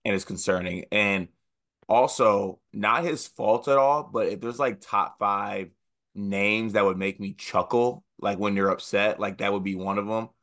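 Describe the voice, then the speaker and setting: Bright-voiced young man riffing on basketball. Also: lowish voice, unhurried. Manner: animated, joking, mocks with put-on quotes. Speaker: podcast co-host. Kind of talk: casual sports podcast chat.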